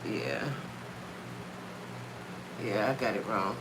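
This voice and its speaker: A chatty woman with a drawl, hosting a live stream from home on a phone or webcam. Her voice is very bright and forward, and she greets viewers by name and circles back over her own words. A faint hum of room noise sits under her. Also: mid-range voice, animated, moderate pace. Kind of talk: casual live-stream chat.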